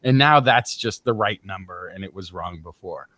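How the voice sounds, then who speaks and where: Sardonic guy on a video call, lively up and down voice, dry sound. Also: low voice, moderate pace, no room sound. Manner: joking, sardonic. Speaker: panelist. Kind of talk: casual video call chat.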